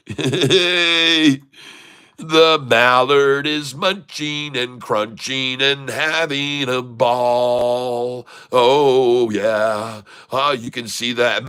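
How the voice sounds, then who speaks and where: A man giving live commentary on his day trades, excitable and repetitive, calling out to viewers and breaking into chants. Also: mid-range voice, clear, resonant tone. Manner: repetitive, keeps addressing viewers as folks and ladies and gentlemen. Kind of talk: live trading commentary over a chart.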